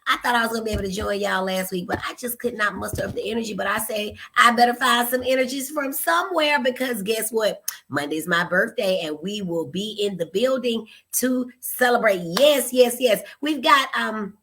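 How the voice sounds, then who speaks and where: Bright-voiced chatty woman hosting a live stream. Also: a little high, moderate pace, slight background noise. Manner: chatty, playful, calls viewers y'all and honey; greets viewers by name, teasing, laughs at herself. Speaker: host, psychiatrist and pediatrician. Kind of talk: live-stream casual chat.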